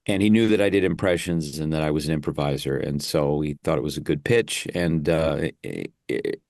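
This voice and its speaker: Deep-voiced, rambling male impressionist. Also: moderate pace, creaky, darkish tone, dry recording, studio quality. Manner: rambling and chatty, with easy laughs. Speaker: guest, actor and impressionist. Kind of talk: casual interview chat.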